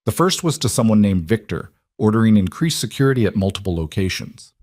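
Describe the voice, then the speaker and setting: A man narrating a scripted story in a measured, dramatic way. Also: lowish voice, big pitch swings, darkish tone, no echo, clean studio sound.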